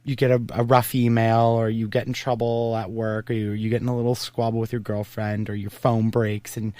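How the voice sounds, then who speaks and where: A man's voice: fairly low pitch, level tone, brisk, dark tone. Rambling male podcast host. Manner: rambling, thinks aloud with many fillers. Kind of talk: casual interview chat.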